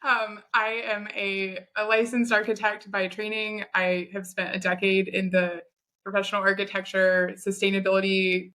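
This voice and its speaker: A woman in her thirties, a podcast guest, telling her own story in a chatty, animated way. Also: mid-range voice, moderate pace. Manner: chatty, animated retelling with quoted asides. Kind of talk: conversational storytelling.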